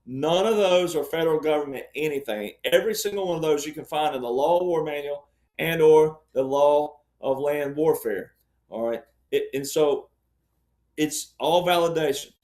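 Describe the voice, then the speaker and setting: A man's voice: on the high side, moderate pace, darkish tone. A man with a somewhat raised voice, laying out an argument as a panel guest. He lectures and repeats phrases for emphasis. The sound carries a roomy echo. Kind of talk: emphatic panel-show explanation.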